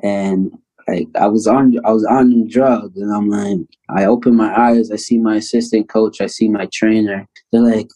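A man in his thirties from Canada, a guest telling a personal story in a casual interview with lively, animated delivery. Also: on the low side, normal speed, low-quality recording. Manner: animated storyteller, acts out quoted voices loudly. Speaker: guest, basketball player.

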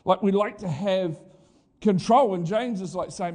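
Speaking a little slowly in a high-pitched voice, this middle-aged male pastor gives a spirited, conversational sermon. Asides to the congregation pepper his preaching.

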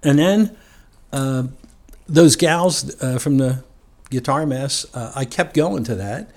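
A man's voice: mid-range voice, expressive, takes it slowly, a little mellow. A man from New Jersey, a guest on an interview show, relaxing into a rambling personal story with frequent chuckles. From New Jersey, USA. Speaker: guest sharing his faith story.

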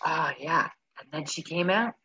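A woman guest telling a personal story in casual conversation, animated and acting out the voices of the people she describes. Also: deep voice, normal speed, breathy edge. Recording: dull lo-fi recording.

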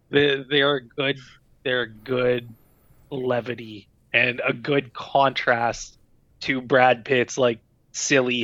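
A man with a mid-range, fairly bright voice co-hosts a podcast, chatting casually and loosely with lots of fillers and frequent laughter. The recording sounds dull and dry.

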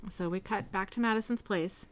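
A woman's voice: medium pitch, brisk. A woman co-hosting a podcast, chatting casually and retelling an episode scene by scene, quoting the dialogue plainly. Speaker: podcast co-host. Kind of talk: casual chat and episode recap.

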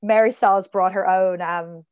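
A woman's voice: mid-range voice, fairly even intonation, a little slow, a little mellow, smooth. A woman guest on a casual podcast, chatty and rambling, full of "like" and side tangents.

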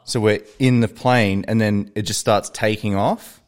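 A man with a fairly low voice chats casually on a podcast. He rambles through a story, swears freely and drops into little character voices along the way. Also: steady tone, a little slow. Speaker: podcast co-host. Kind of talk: casual chat.

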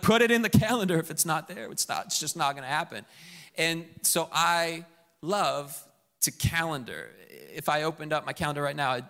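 Bright-voiced male pastor preaching in a hall. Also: on the high side. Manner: animated, conversational preaching with jokes. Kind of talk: sermon. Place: church sanctuary.

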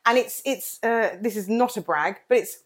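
A woman's voice: on the high side, normal speed. Chatty woman. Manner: chatty, laughs often, restarts sentences. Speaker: podcast co-host. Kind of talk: casual chat.

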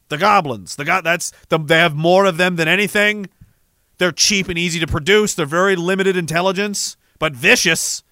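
Sardonic, swearing man, bright voice. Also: fairly high pitch, no room sound, studio quality. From Canada. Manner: rambling, profane, sardonic. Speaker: livestream host. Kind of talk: casual livestream chat reading viewer messages.

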